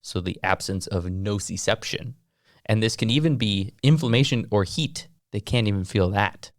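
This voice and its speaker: Man, quizmaster host, lower voice, steady explainer, dry close mic. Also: normal speed, no echo. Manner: explains steadily, reading out facts. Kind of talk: presenting quiz facts.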